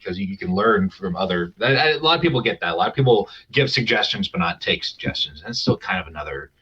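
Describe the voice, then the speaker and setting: A man's voice: low voice, expressive, fast, pushed and bright. A man co-hosting a podcast in casual chat, rambling with many restarts, laughing and swearing freely. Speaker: podcast co-host. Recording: dull, lo-fi podcast mic.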